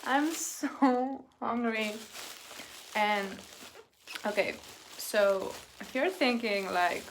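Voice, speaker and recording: A woman chatting casually in a food vlog, excitable and swearing, often breaking into laughter. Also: a little high, very slow, long pauses, noisy background. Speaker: vlogger.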